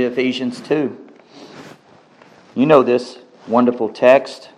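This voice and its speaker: A man preaching a sermon, reading scripture aloud and commenting on it, with dramatic swings between loud exclamations and hushed asides. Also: on the high side, moderate pace, a little hiss or hum, rough recording.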